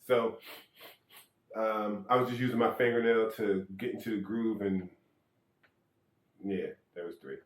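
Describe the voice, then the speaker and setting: Rambling, low-voiced man in an echoey room. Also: steady tone, measured pace, pauses often. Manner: rambling, self-correcting, joking asides. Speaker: electric skateboard vlogger. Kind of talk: casual how-to demonstration.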